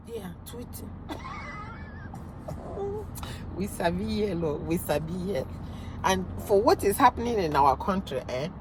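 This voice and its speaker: A middle-aged Nigerian woman with a Nigerian accent, ranting emphatically in a commentary vlog with loud outbursts. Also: high voice. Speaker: vlogger commenting on news.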